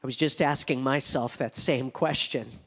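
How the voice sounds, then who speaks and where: A man's voice: medium pitch, steady tone, in a large hall, pitched below the performer's own voice. A weary old king, read by a man. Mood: resigned. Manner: quiet, measured. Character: weary aging king, calm and resigned.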